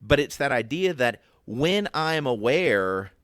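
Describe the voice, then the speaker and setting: A man's voice: mid-range voice, sing-song, slow pace, fairly bright tone, no echo, studio quality. A man co-hosting a casual Bible discussion podcast, thinking aloud and acting out the questions in his head. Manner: reflective, thinks aloud with restarts and acted inner questions. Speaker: podcast co-host.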